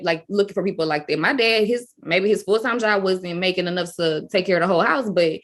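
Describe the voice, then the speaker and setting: Candid Southern woman, podcast guest. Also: on the low side. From Louisiana. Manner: candid, emphatic, Southern slang. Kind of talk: casual podcast chat.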